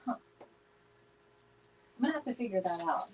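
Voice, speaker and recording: A woman's voice: mid-range voice, expressive, slow, darkish tone, slight background noise, low-quality recording. A woman chatting casually with viewers during a live craft stream, laughing often and greeting people by name. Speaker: DIY home decor live streamer.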